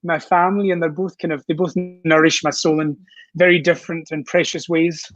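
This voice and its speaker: Scottish man, chatty storyteller, lots of ums, slightly high voice, dry and dull video-call sound. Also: level tone, brisk, fairly bright tone, no echo. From Scotland. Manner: chatty storyteller, many fillers and restarts. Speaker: guest. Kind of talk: casual chat.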